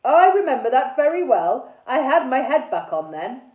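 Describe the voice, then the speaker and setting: A woman voicing a courtly old male ghost knight who speaks slowly and formally, heard in a tinny, echoey recording. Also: high voice, very animated, voice pushed up. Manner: slow, stately, formal speech. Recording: tinny phone-like sound in echoey room.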